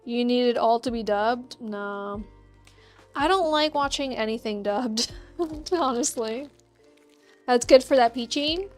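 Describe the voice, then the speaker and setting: A woman with a high voice chats with her livestream viewers as she crafts. She talks at a slow, easy pace and laughs often. Soft music plays faintly behind her. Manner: chatty and upbeat, laughs often, answers chat questions. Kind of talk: casual chat with live chat while crafting.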